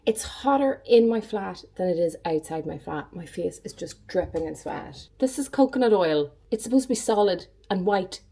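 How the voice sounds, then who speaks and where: A woman's voice: fairly low pitch, animated, moderate pace, gravelly, hardly any pauses, warm tone. A young woman vlogging casually at home and in her car, gushing and chatty, swearing now and then. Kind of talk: casual vlog chat. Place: hot flat and car.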